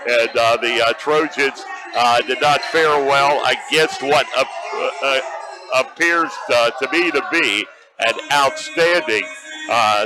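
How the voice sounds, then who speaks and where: A man hosting a live high school basketball broadcast, speaking haltingly with many fillers. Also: poor audio. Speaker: play-by-play announcer. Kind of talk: live sports radio broadcast. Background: music.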